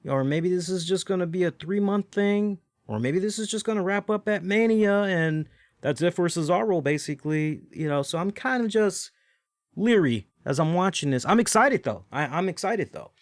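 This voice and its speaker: A man's voice: sits high, normal speed, no room sound, clean studio sound. Rambling man reviewing wrestling. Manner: rambling, animated, lots of fillers and asides. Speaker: wrestling show host. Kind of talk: casual solo review.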